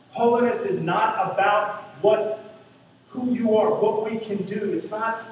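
A male pastor preaching a sermon in a church sanctuary, earnest and questioning, repeating lines for emphasis. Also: high voice. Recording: echoey hall from far off, faint hiss.

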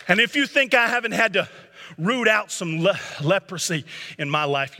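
A middle-aged man preaching a sermon as pastor, building to shouted exhortations. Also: sits high, expressive, moderate pace, big-room sound.

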